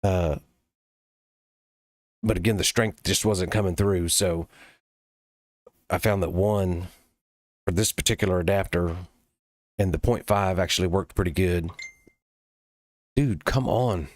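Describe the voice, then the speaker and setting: A man demoing software he built, talking casually and loosely, with plenty of pauses and some cursing. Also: sits low, fairly even intonation, dry recording, studio quality. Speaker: developer demoing his own app. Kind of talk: casual late-night screen-recording talk.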